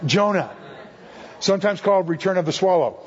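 A man's voice: high-pitched, lively intonation, brisk, slight background noise. A male guest speaker giving a jokey sermon full of puns, acting out the voices he quotes. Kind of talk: humorous sermon teaching. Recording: echoey hall, dull lo-fi sound.

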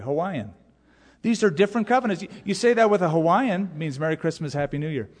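A man's voice: high-pitched, expressive, fast talker. A man, a pastor, preaching a sermon with emphatic, repeated key phrases. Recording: long hall reverb.

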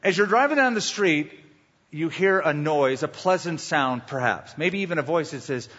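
A man's voice: fairly high pitch, fairly quick, a bit bright, dull audio. Man preaching in a reverberant hall. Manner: emphatic preaching with rhetorical questions and storytelling asides. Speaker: pastor. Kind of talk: sermon.

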